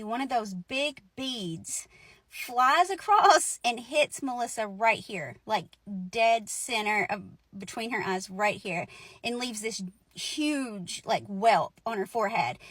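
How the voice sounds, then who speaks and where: A woman's voice: a little high, expressive, takes it slowly, fairly bright tone, dry recording. A woman in her forties telling a personal ghost story in a casual, chatty way, laughing now and then and filling her lines with "like" and "right?". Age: 40s.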